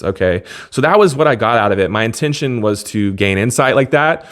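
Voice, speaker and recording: Young dude rambling thru a story, lowish voice, laid-back, keeps cutting himself off. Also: male voice, animated, fast talker, hardly any pauses. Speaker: vlogger. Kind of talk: casual monologue to camera.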